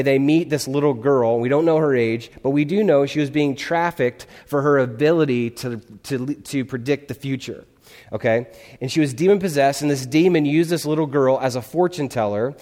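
A man's voice: medium pitch, darkish tone. A male pastor giving a conversational sermon in a church, often checking in with his listeners. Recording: long hall reverb.

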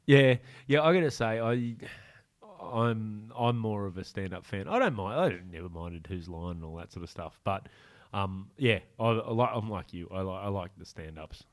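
Jokey, low-voiced Australian host. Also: male voice, lively intonation, normal speed. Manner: jokey, teasing, laughs often. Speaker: podcast host. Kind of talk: casual podcast interview.

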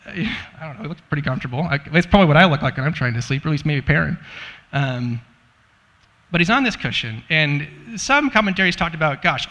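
A man's voice: fairly high pitch, bright, forceful tone, long reverb tail. A man giving a casual sermon as a Bible teacher, chatty and joking, with many "like" and "you know" fillers.

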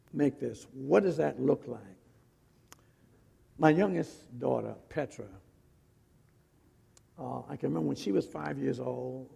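A middle-aged man preaching a sermon, telling a personal story in an animated way with fillers and restarts, his voice gravelly and husky. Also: mid-range voice. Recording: long reverb of a hall.

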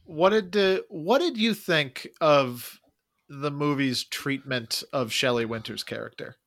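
A man talking through a film on a podcast, thoughtful and wry, often hedging. His voice is a little high. It has a bright, sharp tone. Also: a little slow. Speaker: podcast co-host. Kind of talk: casual movie discussion.

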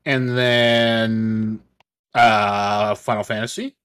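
A man's voice: on the low side, flat delivery, extremely slow, a bit bright, smooth. A young man in a casual chat among friends, blunt and swearing casually.

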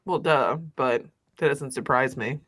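A woman's voice: extremely low pitch, fairly bright tone. Chatty woman co-hosting a movie podcast. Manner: chatty, quick agreeing interjections. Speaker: podcast co-host. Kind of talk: casual movie recap chat.

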